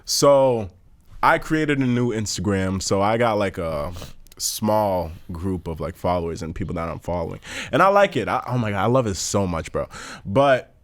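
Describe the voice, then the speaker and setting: A man's voice: on the low side, animated, normal speed, no room sound. Young guy on a podcast, slangy and joking, voice jumps all over, dry close mic. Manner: loose, joking, slangy storytelling. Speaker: podcast co-host. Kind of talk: casual chat.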